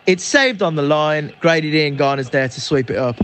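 A man giving lively, animated live match commentary as a fan. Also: mid-range voice, moderate pace, few pauses. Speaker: podcast co-host. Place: indoors by a fireplace.

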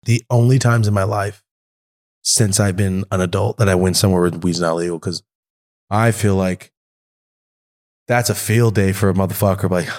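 A man with a fairly low voice tells stories as a podcast guest. He is loose and profane, full of animated energy, and acts out every quote in other people's voices. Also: normal speed, long pauses. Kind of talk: casual storytelling.

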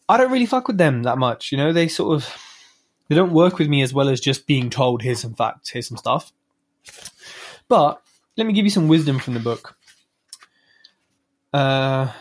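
A man hosting a podcast, giving a casual, chatty solo book review with offhand swearing and self-mocking asides. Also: mid-range voice. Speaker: podcast host.

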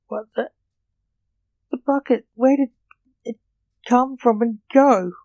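A woman's voice: fairly high pitch, a little slow, warm tone, dry recording, lightly acted. A woman reading the lines of a nervous, squeamish male TV host in a story. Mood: flustered. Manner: flustered and confused.

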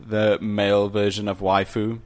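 A man's voice: on the low side, completely flat delivery, a little slow, a little mellow. Enthusiastic man co-hosting a podcast. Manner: enthusiastic, frequent restarts. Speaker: podcast co-host. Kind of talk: casual chat.

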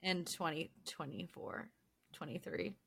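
A woman's voice: deep voice, lively intonation, a little slow, creaky, fairly bright tone, breathy edge. A young adult woman co-hosting a casual podcast chat, teasing her partner and retelling stories with lots of "like". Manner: teasing, storytelling, filler-heavy. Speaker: podcast co-host.

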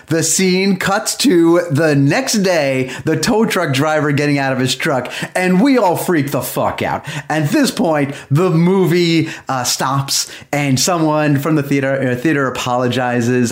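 A man co-hosting a podcast, telling a story in a casual, animated way and laughing often. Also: fairly high pitch. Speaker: podcast co-host. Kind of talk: casual chat.

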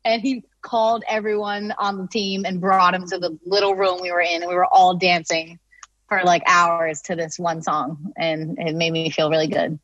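A woman with a slightly low voice tells a story in loose, casual chat. She jumps into quoted lines with animated energy and uses plenty of filler words. The sound is dry and a little dull, like a lo-fi recording. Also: moderate pace, dry recording. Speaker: singer-songwriter guest.

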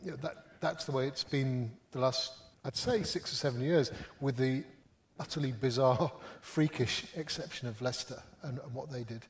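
A man, a football journalist on a live panel, giving a steady analytical answer. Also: mid-range voice, normal speed, few pauses. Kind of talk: panel discussion at a live event.

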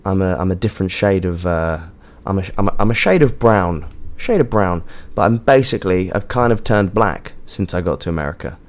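Rambling, sweary Englishman, fairly low voice. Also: a little fast. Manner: rambling, sweary, jokey, with frequent fillers. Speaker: podcast host and touring musician. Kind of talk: casual monologue. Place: hotel room.

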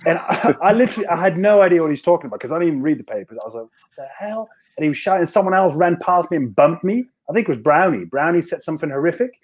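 A man in casual podcast conversation tells a long anecdote about his playing days. His speech is halting and full of restarts, and laughter breaks in as he goes. His voice sits a little high. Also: lively intonation, slightly rough. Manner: halting, many restarts and fillers, laughs while telling. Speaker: professional rugby player, podcast guest. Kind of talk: casual storytelling chat.

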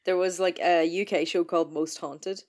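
A woman's voice: fairly low pitch, fairly even intonation, normal speed, a little mellow. A young woman co-hosting a podcast in casual, sweary chat, full of fillers. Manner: sweary, laughing, lots of fillers. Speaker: podcast co-host.

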